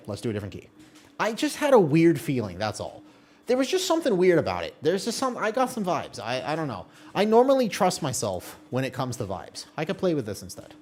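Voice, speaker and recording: A man's voice: fairly high pitch, huge pitch swings, moderate pace, a little mellow. A man streaming a game, chatting casually with his viewers and answering their messages as he plays, often laughing and trailing off mid-sentence. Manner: chatty, reads and answers viewer chat while playing. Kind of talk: casual live-stream chat.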